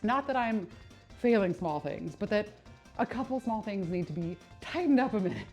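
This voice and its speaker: A woman's voice: medium pitch, moderate pace. Trainer lady chatting on her workout stream, voice jumping all over, cusses a lot, faint music behind. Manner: animated, swearing, self-mocking, laughs often. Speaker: fitness streamer and personal trainer. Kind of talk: casual live-stream chat while working out.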